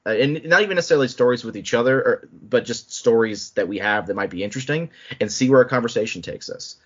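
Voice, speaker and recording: Man, podcast host, casual chat, animated, laughing restarts, dull lo-fi audio. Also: mid-range voice, fast talker. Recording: muffled lo-fi audio.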